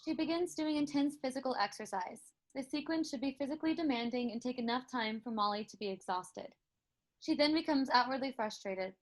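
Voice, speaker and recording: A woman's voice: high voice, a little fast. A woman reading stage directions plainly and matter-of-factly.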